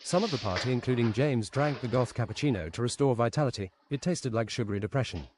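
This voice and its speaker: A man streaming, reading a story aloud in a steady, deadpan way at his desk mic. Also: mid-range voice, fast talker, a little hiss or hum.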